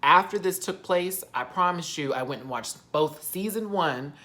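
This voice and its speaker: Sassy, lively man ranting a TV recap. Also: fairly high pitch, moderate pace. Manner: sassy, campy and theatrical. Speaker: TV recap vlogger. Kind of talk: animated TV recap rant.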